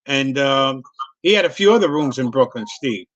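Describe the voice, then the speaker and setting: A man's voice: medium pitch, expressive, normal speed, a bit bright, dull audio. A man hosting a casual interview, telling loose profane stories with many restarts and repeats. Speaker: host.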